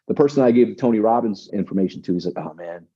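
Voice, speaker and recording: This man's voice is lowish, husky and mellow, and he races through his words. He's a guest in a conversational interview, telling stories emphatically and repeating himself. The audio is dull and lo-fi.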